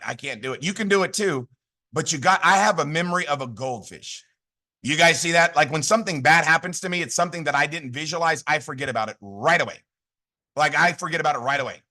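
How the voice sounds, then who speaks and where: A man's voice: a little high, pushed and bright. A man giving a fired-up motivational training talk, repeating lines and firing questions at his audience. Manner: fired-up, repetitive, call-and-response. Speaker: network marketing leader.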